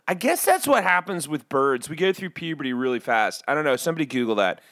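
Man doing a judgmental bird host, rambling, self-mocking, very animated pitch, bone-dry sound. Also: fast talker, no echo. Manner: rambling, self-mocking, swings between loud and muttered asides. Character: brash judgmental male bird podcast host. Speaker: podcast host. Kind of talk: comedic podcast monologue.

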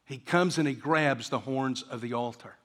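A man's voice: medium pitch, normal speed, a bit bright. Preaching man in a reverberant church. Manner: preaching, acting out quoted voices. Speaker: pastor. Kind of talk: sermon. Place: church sanctuary.

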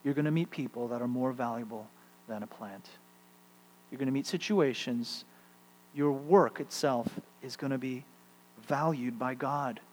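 A middle-aged man preaching a sermon, shifting between loud emphatic peaks and hushed, quiet stretches. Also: mid-range voice, moderate pace. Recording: long hall reverb, faint mains hum.

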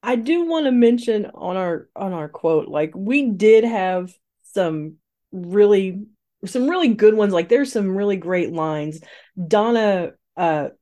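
A woman's voice: medium pitch, animated, slow pace, dark tone. A woman hosting a casual podcast chat, often hesitant and searching for words. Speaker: podcast host.

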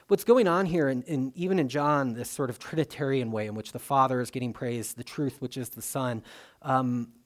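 Male pastor, mid-pitched, conversational sermon delivery with fillers and sudden emphasis. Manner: conversational, dynamic, with frequent fillers and restarts.

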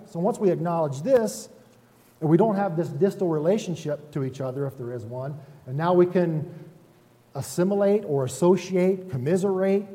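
A man who is a pastor, preaching a relaxed, conversational sermon in a folksy, self-deprecating way and often checking in with the congregation. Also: a little high. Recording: reverberant hall sound.

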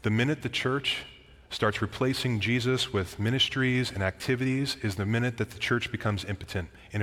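Man, pastor preaching, emphatic and earnest, casual asides, mid pitch, echoing church hall. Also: a bit bright. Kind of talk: sermon. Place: church sanctuary.

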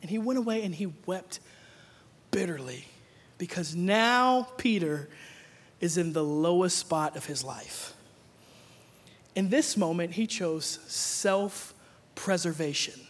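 A man's voice: high voice, lively intonation, slow pace, long pauses. A young adult man preaching a sermon, playful and joking, acting out Bible figures in casual slang. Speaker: pastor.

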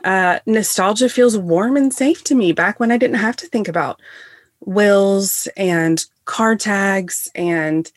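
A woman's voice: mid-range voice, takes it slowly, no room sound, clean studio sound. A woman guest on a podcast, talking with wry humor in casual conversation.

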